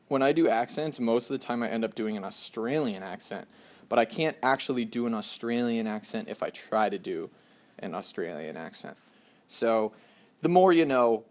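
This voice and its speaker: A young man casually explaining a hands-on stringing job step by step, chatty and relaxed, with self-deprecating asides. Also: medium pitch. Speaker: lacrosse stringing instructor. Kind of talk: casual how-to tutorial.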